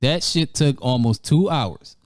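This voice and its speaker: A man's voice: mid-range voice, lively intonation, unhurried, dry recording, studio quality. A man hosting a gaming channel, telling a casual, profane story over gameplay and laughing often.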